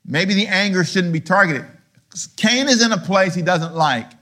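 Middle-aged male pastor, fairly high voice, lively sermon delivery with rhetorical questions. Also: moderate pace. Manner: animated preaching, rhetorical questions; swings from low murmurs to loud high emphasis.

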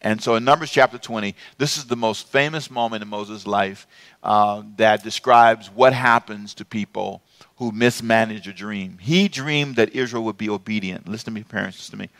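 A man's voice: on the low side, moderate pace, a bit bright, no room sound. A man preaching a sermon as a pastor, calling on the congregation to repeat after him. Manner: preaching with rising passion, calls for congregation to repeat.

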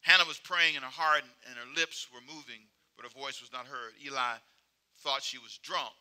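A man preaching a sermon, with emphatic, repetitive call-and-response phrasing that swings between loud exhortation and quiet asides. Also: mid-range voice, fairly even intonation, moderate pace.

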